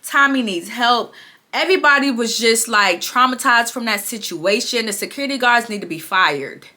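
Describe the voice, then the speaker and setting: Animated, bright-voiced woman vlogger. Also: on the high side. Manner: animated and emphatic, drawn-out words, frequent "okay?" and "y'all". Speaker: reality show recap vlogger. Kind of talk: casual chatty recap.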